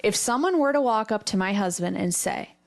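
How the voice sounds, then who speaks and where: A woman's voice: medium pitch, expressive, a little fast. Woman guest telling a personal story. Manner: storytelling, quotes others in dialogue. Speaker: podcast guest. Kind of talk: candid casual chat.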